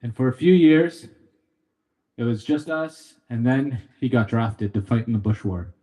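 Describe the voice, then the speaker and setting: With a mellow, mid-range voice and a slightly slow delivery, a young man from Canada gives a storytelling memorial speech for his father, joking, playful and emotional by turns.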